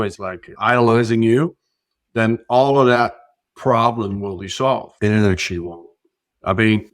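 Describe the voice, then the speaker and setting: A man as a podcast guest, telling stories in an earnest, reflective way and rising in pitch and loudness when he makes a point. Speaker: podcast guest, keynote speaker. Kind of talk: reflective conversational storytelling.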